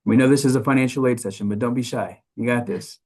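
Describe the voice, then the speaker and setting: A man's voice: medium pitch, fast talker, a little mellow. An upbeat man moderates a webinar over a computer mic. He gives housekeeping announcements in a conversational, encouraging way.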